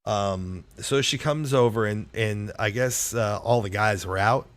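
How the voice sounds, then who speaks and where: Halting man telling a story. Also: fairly low pitch, dry recording. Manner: halting, stumbles over words. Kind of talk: casual storytelling.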